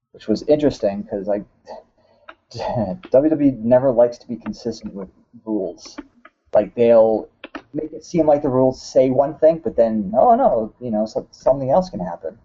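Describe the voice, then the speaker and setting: A man hosting a casual podcast, rambling with lots of "uh"s and quick laughs. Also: mid-range voice, lively intonation, dark tone, breathy edge, lo-fi sound. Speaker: podcast host. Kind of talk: casual chat.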